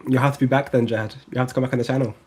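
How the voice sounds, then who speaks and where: A man co-hosting a casual chat over a video call, thinking aloud in an unhurried way. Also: mid-range voice, fairly even intonation, darkish tone. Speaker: co-host.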